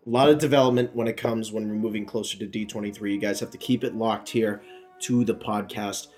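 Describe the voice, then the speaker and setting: A man's voice: lowish voice, steady tone, brisk, a little mellow, soft background music. A young man co-hosting a casual podcast, rambling and laughing easily. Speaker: podcast co-host.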